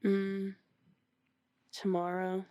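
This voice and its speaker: A woman's voice: medium pitch, monotone, drawn-out words, mellow, clear, resonant tone. Young woman making dry teasing asides. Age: 20s. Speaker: podcast co-host. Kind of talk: casual chat.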